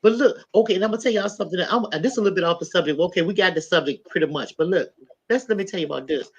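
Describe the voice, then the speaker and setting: A middle-aged woman hosting a podcast, telling a story in an animated, emphatic way and talking straight to her listeners. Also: lowish voice, very fast, breathy edge. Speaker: podcast host. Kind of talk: casual storytelling chat. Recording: dull lo-fi sound.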